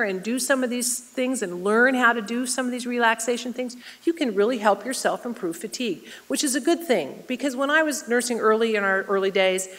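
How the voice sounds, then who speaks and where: Middle-aged woman nurse, conversational lecturer who quizzes the audience, recorded with hall reverb. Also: a little high. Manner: conversational, asks the audience questions. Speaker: nurse presenter. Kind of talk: community health lecture.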